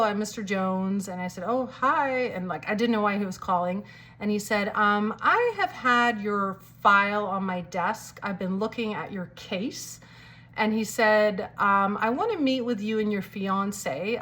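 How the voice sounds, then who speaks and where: A woman's voice: medium pitch, a bit bright. A woman talks through a personal story in a loose, conversational way, with a slight cold in her voice. She keeps adding "like" and slips into the voices of the people she quotes. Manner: chatty, many "like" fillers, acts out quoted lines. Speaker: storyteller sharing a testimony.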